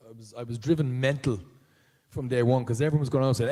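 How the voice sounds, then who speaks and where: An Irish man, a voice actor answering fan questions at a live convention panel, telling stories in an animated way. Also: medium pitch, fast talker. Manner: animated storyteller, jumps into voices of others. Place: large auditorium, live.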